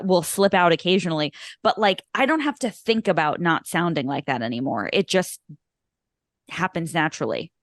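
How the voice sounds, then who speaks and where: A woman's voice: lowish voice, a bit bright, dry recording, clean studio sound. A young woman from Long Island co-hosting a movie podcast, chatty and full of fillers. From Long Island, New York. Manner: chatty, lots of fillers and laughs. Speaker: podcast co-host. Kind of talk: casual chat.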